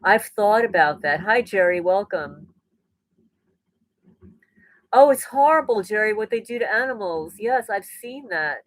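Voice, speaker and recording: A woman, hosting a casual livestream from home, reading viewer comments in an animated way and often repeating her words. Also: mid-range voice, a little slow, long pauses, no room sound, rough recording. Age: 60s. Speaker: livestream host. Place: rural home indoors. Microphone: laptop mic.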